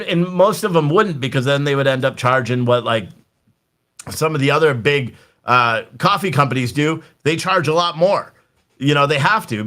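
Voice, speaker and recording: A man's voice: a little high, bright, forceful tone. A man ranting casually and profanely on a livestream, talking straight to his viewers. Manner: chatty, talks to viewers in the chat. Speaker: livestream political commentator.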